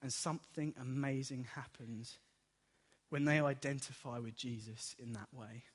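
Preacher in a reverberant hall. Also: male voice, mid-range voice, a little slow, husky. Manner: animated storytelling, acts out dialogue. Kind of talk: sermon.

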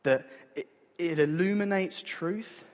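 A man, preaching a sermon in an earnest, conversational way, with a husky voice. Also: high-pitched, takes it slowly, darkish tone. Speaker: pastor. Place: church hall. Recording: long hall reverb.

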